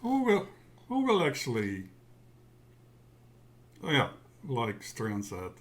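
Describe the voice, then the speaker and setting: Slow-talking man teaching software. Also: lowish voice, wildly swooping pitch. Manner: halting, restarts, checks in with "yeah?". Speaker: tutorial instructor. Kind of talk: casual screen-share tutorial.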